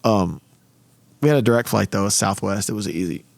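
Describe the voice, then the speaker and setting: A man's voice: on the low side, moderate pace, gravelly, dry recording. A man in his thirties hosting a podcast, telling stories in a profane, ranting way in casual chat. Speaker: podcast host.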